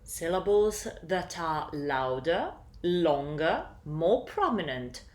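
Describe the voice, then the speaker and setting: Woman, English teacher, slow deliberate delivery, low voice, echoey room. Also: sing-song, darkish tone. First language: Italian. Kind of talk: recorded lesson narration.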